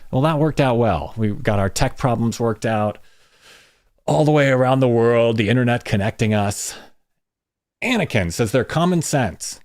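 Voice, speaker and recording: A man's voice: mid-range voice, animated, normal speed, a little mellow, dry recording, studio quality. An American man hosting a casual livestream chat, rambling and self-deprecating as he greets viewers. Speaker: podcast host.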